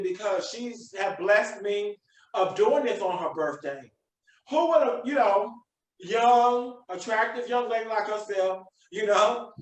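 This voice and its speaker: Preaching motivation on his own podcast, a man hammers his points home through emphatic repetition. He has a high-pitched voice, sitting away from the mic in a room with echo.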